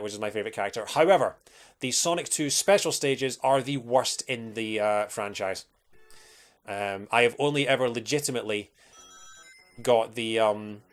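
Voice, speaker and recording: A young man with a Scottish accent, chatting casually and rambling with plenty of fillers while he streams a game. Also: on the low side. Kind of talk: casual livestream chat while playing.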